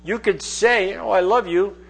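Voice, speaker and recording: A man's voice: high voice, measured pace, gravelly. A middle-aged man preaching a conversational sermon, reading scripture aloud and explaining it verse by verse. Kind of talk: sermon, Bible teaching.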